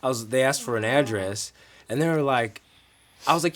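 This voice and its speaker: A man in a band telling a story in an interview, lively, with big swings in pitch and volume. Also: brisk. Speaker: band member.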